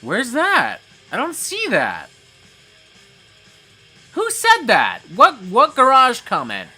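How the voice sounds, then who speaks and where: A man's voice: very high-pitched, wildly swooping pitch, slow, pushed and bright, husky, soft background music. A man hosting a casual livestream, reading chat messages aloud and reacting with frequent swearing.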